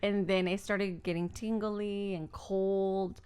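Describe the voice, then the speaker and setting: A young woman co-hosts a podcast in relaxed, casual chat. She rambles through her stories, full of little fillers, and laughs often along the way. Her voice sits at a plain middle pitch. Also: slow, clean tone. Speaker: podcast co-host.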